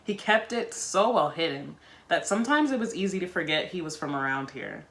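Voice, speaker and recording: A woman reads a novel aloud in a bright, clear voice, breaking off for casual, wry comments. Her talk stays loose and conversational, mixing reading with chat. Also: on the low side, expressive, a little fast. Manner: chatty, wry asides between read passages. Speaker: book-reading video host.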